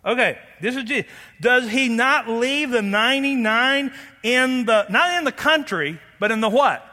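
A man preaching from the pulpit in a very high, bright voice. He is animated and playful, drawing the congregation in with questions. The sound carries a long reverb, as in a large church hall. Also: unhurried. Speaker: pastor. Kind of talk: sermon.

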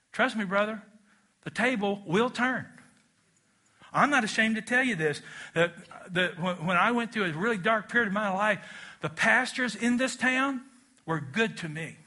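A man preaching a sermon to a congregation, animated and leading them in call-and-response. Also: sits high. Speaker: pastor.

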